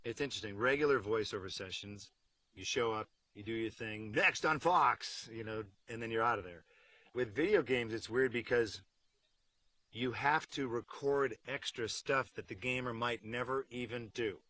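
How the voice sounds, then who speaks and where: A middle-aged actor in a behind-the-scenes interview, joking wryly with deadpan asides. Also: male voice, mid-range voice, moderate pace, dry recording, poor audio. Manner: acts out silly voices mid-story.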